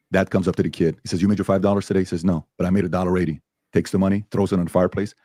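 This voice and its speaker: Deep-voiced man telling a fast story. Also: dark tone, no echo, clean studio sound. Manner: tells a story at speed and acts out the characters' voices. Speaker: speaker in a played clip. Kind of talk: storytelling to an audience.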